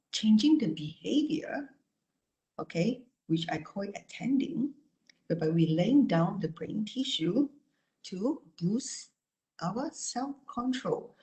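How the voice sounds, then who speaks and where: A woman therapist gives an online talk and takes questions, speaking calmly and repetitively, sprinkling in "you know" and "right?" Her voice is medium-pitched and the sound is roomy.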